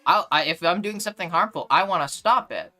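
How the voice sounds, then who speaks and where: Blunt, bright-voiced young woman streamer. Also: lowish voice, a little fast, faint music behind. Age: young adult. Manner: blunt, exasperated ranting with frequent "like". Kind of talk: casual chat while gaming.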